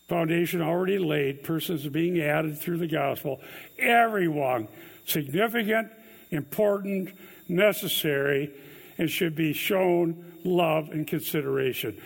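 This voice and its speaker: A man's voice: fairly high pitch, creaky. A man preaching an earnest expository sermon, stressing key words with emphasis. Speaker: pastor.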